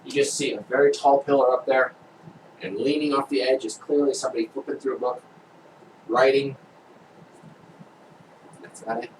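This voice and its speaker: A man narrating a tabletop role-playing game as game master, describing scenes slowly with frequent hesitations. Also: medium pitch, fairly even intonation. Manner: slow, hesitant description with fillers. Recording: distant mic with faint background noise.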